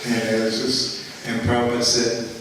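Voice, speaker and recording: A man's voice: medium pitch, monotone, moderate pace, heavy background noise. Guy rambling thru a story, lots of "you know", echoey big hall, mic far off. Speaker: storyteller recounting memories at a festival. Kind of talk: casual anecdotal storytelling to an audience. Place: large indoor festival hall.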